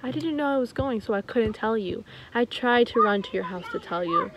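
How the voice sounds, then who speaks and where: Little boy, earnest and halting, voiced by a young woman in a plain voice, dull lo-fi sound. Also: fairly high pitch, lively intonation, lightly acted. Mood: apologetic. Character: young boy Joanne, apologetic.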